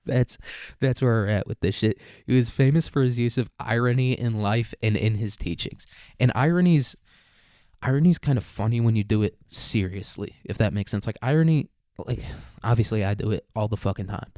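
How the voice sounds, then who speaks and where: A man with a low, relaxed, mellow voice riffs through a rambling, profane comedy rant. He leans on "dude" and "like" constantly. The sound is close and dry. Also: fairly quick, no echo. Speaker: comedic commentator.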